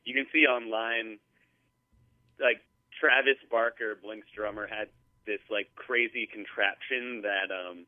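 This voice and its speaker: A man's voice: lowish voice, steady tone, slow pace, no echo. A male musician guest telling stories in a casual interview, rambling with lots of fillers and restarts. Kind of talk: casual interview over the phone. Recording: tinny phone line, dry.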